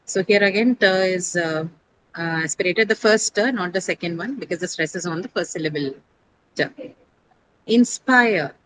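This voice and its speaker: A woman's voice: on the low side, brisk, a bit bright, poor audio. Woman teacher going over pronunciation in a classroom, lots of uh's, fixes her own slips, quizzes the class, faint background hum. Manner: explains step by step, quizzes students, corrects herself, many fillers.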